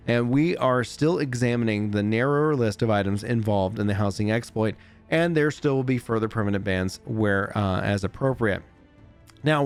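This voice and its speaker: A man's voice: mid-range voice, smooth. Casual gaming YouTuber man. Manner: reads haltingly with slips and restarts, chatty and self-deprecating. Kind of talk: reading a developer update aloud, then casual commentary.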